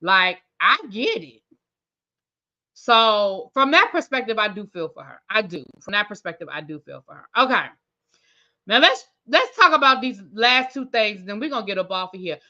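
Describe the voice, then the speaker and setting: A woman's voice: medium pitch, expressive, a little fast, bright, forceful tone, lo-fi sound. A woman hosting a TV review channel, chatting casually and repeating herself for emphasis. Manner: chatty, emphatic repetition, Southern slang like y'all and baby. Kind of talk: casual recap commentary.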